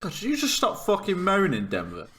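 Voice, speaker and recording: Lively, blunt man, sweary chat. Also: high-pitched, fairly quick. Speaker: podcast co-host. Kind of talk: casual chat.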